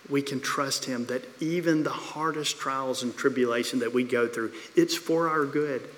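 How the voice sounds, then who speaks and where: Male pastor, sermon storyteller, repeats phrases for effect, bright tone, long hall echo. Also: mid-range voice. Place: church sanctuary. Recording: long reverb of a church hall.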